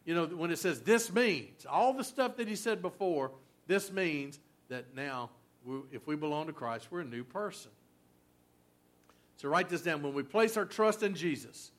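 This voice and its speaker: A man's voice: high-pitched, a bit bright. A man preaching a sermon in a folksy, conversational way, full of fillers and asides. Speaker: pastor.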